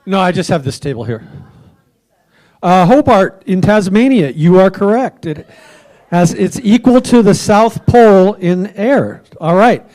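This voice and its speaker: A man's voice: sits high, expressive, measured pace, a little mellow. A man hosting a trivia quiz at a club meeting, joking with the tables and offering hints for a dollar.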